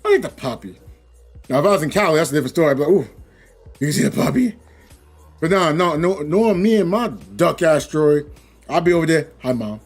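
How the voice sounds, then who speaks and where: A man's voice: fairly high pitch, lively intonation, a little fast, pauses often, slightly rough, faint music behind. Rambling man chatting on a gaming stream. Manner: rambling, acts out quoted voices. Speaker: gaming livestreamer. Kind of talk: casual livestream chat.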